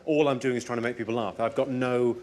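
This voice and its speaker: A male comedian in a panel chat, animated and quick with laughing asides. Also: mid-range voice, crowd noise.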